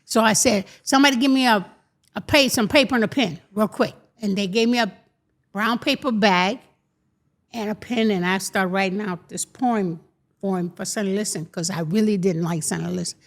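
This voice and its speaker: With a mid-range voice at a moderate pace, the older woman keeps telling stories in the interview. She voices each quoted person herself, making the telling lively.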